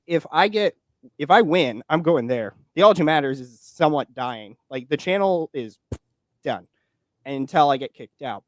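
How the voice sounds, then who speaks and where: A man's voice: mid-range voice, no room sound, studio quality. A man in his twenties chatting casually about politics, rambling, with many fillers and restarts. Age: 20s. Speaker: podcast guest and political commentator.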